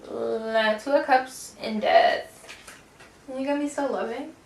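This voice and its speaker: Speaking slowly in a fairly high voice, this tarot reader offers a casual pick-a-card reading. She is chatty and slangy, curses, and calls the listener baby. The sound is echoey and faintly noisy, with the mic placed at a distance.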